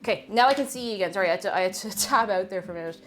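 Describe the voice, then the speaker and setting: A woman's voice: mid-range voice, very fast, over music. A woman chatting casually to viewers while cooking live at home, reading out messages and greeting people, sometimes drifting away from the mic. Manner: chatty, reads chat aloud and greets viewers excitedly. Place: home kitchen. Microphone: moves away from mic while cooking.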